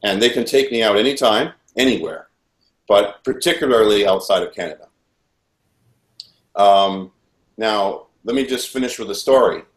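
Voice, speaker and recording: A man's voice: lowish voice, moderate pace, pauses often. A man as an interview guest, telling a personal story in an earnest, rambling way with frequent restarts. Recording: roomy echo.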